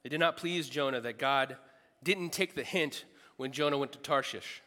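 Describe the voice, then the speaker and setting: A man's voice: medium pitch, moderate pace, hardly any pauses, bright, forceful tone, long reverb tail. A man preaching a sermon in a large room, earnest and emphatic, repeating phrases for stress.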